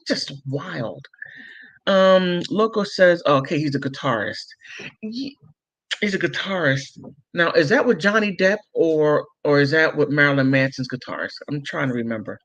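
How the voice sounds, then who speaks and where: A man's voice: a little high, moderate pace, fairly bright tone. A man hosting a livestream, casually reading viewer comments aloud, giggling often and rambling with many fillers. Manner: giggly, laughs often between remarks; loose and rambling, full of fillers. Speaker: livestream host.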